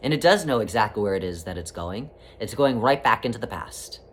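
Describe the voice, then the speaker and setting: A man giving a spiritual talk, speaking as a collective "we" in a flowing, repetitive, gently teasing way. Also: lowish voice, lively intonation, brisk, husky. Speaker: spiritual teacher.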